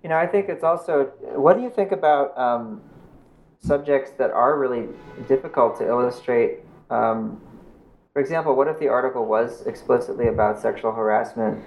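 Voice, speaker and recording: A man illustrator on a podcast panel asks earnest questions and steers the talk. His voice sits at an average pitch. The sound is roomy and echoing. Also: moderate pace, darkish tone, a little hiss or hum.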